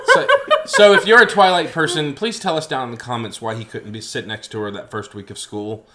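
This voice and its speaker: A man in mid-range pitch co-hosting a loose movie chat. He rambles through restarts and drops casual swears as he thinks out loud. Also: a little fast, a loud crowd. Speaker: co-host.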